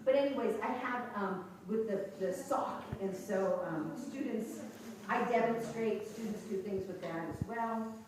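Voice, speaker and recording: A woman's voice: on the high side, a little slow. A woman giving a chatty pronunciation workshop, full of ums and restarts. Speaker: pronunciation teacher trainer. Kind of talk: workshop presentation. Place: large lecture room. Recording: echoey hall from far off with noise.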